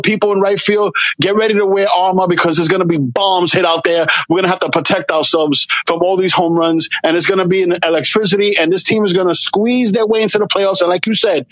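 Male caller, high voice, dry sound, fired-up and cursing. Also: a bit bright, no room sound. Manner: profane, fired-up, rambling. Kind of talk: call-in sports talk.

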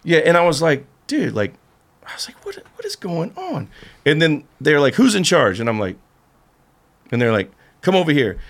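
A man's voice: on the high side, expressive, normal speed, pauses often. A man guest on a podcast, telling a rambling story in casual chat and acting out what others said. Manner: rambling storyteller who acts out the other voices.

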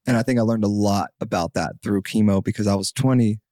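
A man's voice: on the low side, brisk, no echo, studio quality. A young man in his twenties, a singer-songwriter guest on a podcast, telling his story casually with lots of fillers and acted-out quotes. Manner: animated, acts out quotes, many fillers.

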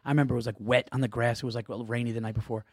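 A middle-aged man rattles through a story at high speed. His telling is profane and animated, and he acts out the lines of everyone in it. He sits close to a dry podcast mic. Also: no echo. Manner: fast, profane, animated storytelling with acted-out quotes. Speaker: comedian guest. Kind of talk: casual storytelling chat.

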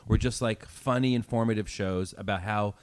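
A man who is a guest on a podcast, chatting casually and telling animated stories with lots of "like" and "um". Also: on the low side, moderate pace, clean tone. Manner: animated storytelling with many fillers. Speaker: podcast guest and quiz contestant. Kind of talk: casual chat.

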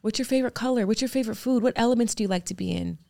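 Speaking very fast in a high-ish, dark voice with vocal fry, this thirtysomething actor and producer talks candidly on a podcast. She's earnest and emphatic, frequently chaining rhetorical questions together.

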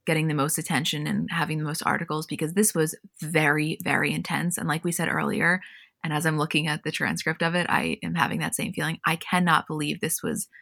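A woman co-hosting a recap show, chatting casually and reading scenes aloud in an animated way. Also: low voice, fairly quick, vocal fry, no room sound, studio quality. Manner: animated, reads quotes verbatim with frequent "like". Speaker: podcast co-host.

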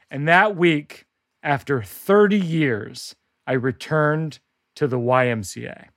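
Guy doing a deadpan funny story, kinda high voice, dry close sound. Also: unhurried, no room sound. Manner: deadpan, self-deprecating delivery. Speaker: podcast host. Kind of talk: comedic storytelling.

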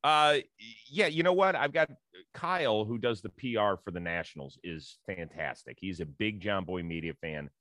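A man's voice: fairly low pitch, lively intonation, normal speed, pushed and bright, dry recording. A man hosting a podcast, trading casual banter and plugging upcoming episodes with a chatty manner. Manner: chatty, hypes guests and sign-offs. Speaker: podcast host.

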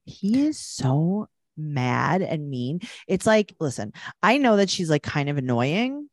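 Lively, low-voiced woman podcast co-host. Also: slow pace, dry recording, studio quality. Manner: sarcastic, deadpan jokes, animated retelling. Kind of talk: casual chat recapping reality TV.

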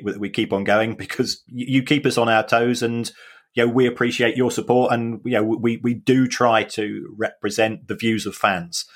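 A man co-hosting a football finance podcast in casual chat, earnest and emphatic, with some stammering restarts. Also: mid-range voice.

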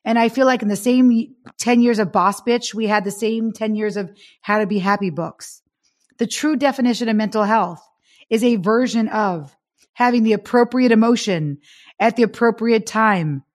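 A woman's voice: a little high, normal speed. Passionate woman author speaking emphatically. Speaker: author and guest. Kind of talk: interview conversation.

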